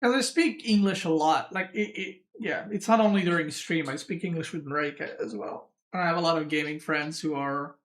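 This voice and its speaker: Man, game streamer, relaxed chat with viewers, bright tone, desk mic. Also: a little high, brisk, few pauses. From Serbia. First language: Serbian. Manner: relaxed, answers chat questions aloud.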